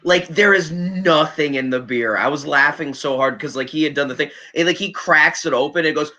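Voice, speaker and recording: A man's voice: a little high, moderate pace, bright, forceful tone. A man co-hosting a casual wrestling podcast, rambling with stammered restarts and swearing. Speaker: podcast co-host. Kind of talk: casual chat.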